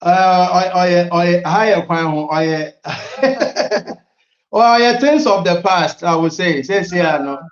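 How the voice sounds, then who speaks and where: A man's voice: high voice, slow pace, echoey room, dull audio. A middle-aged man from Ghana with a Ghanaian accent, telling stories as an interview guest, mixing languages and laughing often. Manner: mixes languages, laughs often, animated storytelling. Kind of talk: casual interview talk.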